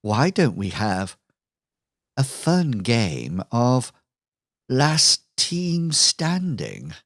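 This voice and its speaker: A man's voice: lowish voice, no room sound, studio quality, heavily acted. A man voicing a smug, scheming villainous woman who mocks and taunts her rivals in a tabletop game. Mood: taunting. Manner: taunting, drawn-out sly delivery.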